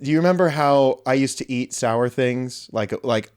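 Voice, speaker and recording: A man's voice: mid-range voice, normal speed, clear, resonant tone. A young man in his twenties co-hosting a podcast in casual chat, joking and teasing, breaking into laughs and goofy voices. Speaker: podcast co-host.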